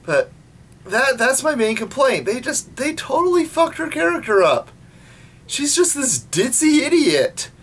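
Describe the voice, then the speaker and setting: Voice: high-pitched, big pitch swings, measured pace, a bit bright, slight background noise. An anime vlogger giving a casual, rambling review at home, full of restarts and swearing.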